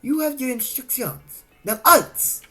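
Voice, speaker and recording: A woman's voice: high voice, animated, slow pace, sharp tone, husky, soft background music, voice pushed up, heavily acted. A woman putting on the voice of a stern, fussy male maître d' with an overdone French accent while reading a story. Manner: haughty, clipped commands.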